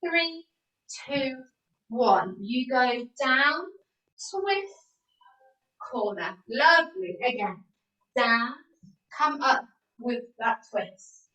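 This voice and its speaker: Woman instructor, higher voice, slow and clear, cueing moves; echoey room, far from the mic. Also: lively intonation, sharp tone. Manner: encouraging, counting out moves. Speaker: fitness instructor. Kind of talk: leading an exercise class. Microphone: video call.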